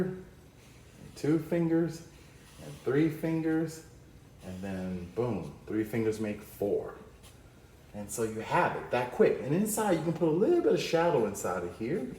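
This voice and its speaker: A man's voice: mid-range voice, a little mellow, a little hiss or hum. Playful man teaching drawing, echoey room. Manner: upbeat, playful, talks while drawing. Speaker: art teacher. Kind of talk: drawing lesson.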